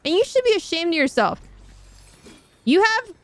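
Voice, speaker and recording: A woman's voice: very high voice, big pitch swings, normal speed, fairly bright tone, slight background noise. A woman streamer chatting casually while she plays a game, thinking aloud and mocking herself. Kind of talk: casual gaming stream chat.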